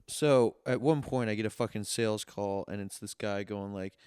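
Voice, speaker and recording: A young man co-hosting a podcast, telling stories in a casual, animated way with a lot of swearing. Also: on the low side, a little slow, clear, resonant tone, dry recording, clean studio sound. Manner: animated, swears often, acts out phone calls. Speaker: podcast co-host. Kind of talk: casual chat, storytelling.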